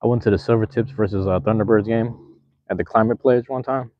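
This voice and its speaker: Laid-back slangy young man, low voice. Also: steady tone, a little fast, no room sound, highs cut off. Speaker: livestream host. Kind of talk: casual live chat with viewers.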